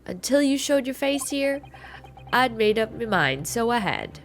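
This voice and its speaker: A woman voicing a brash, scheming middle-aged man with a lilting brogue, gruff and slow, in a game playthrough. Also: on the high side, sing-song, pitched above the performer's own voice. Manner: blustering and conspiratorial. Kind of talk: video game voice-over playthrough.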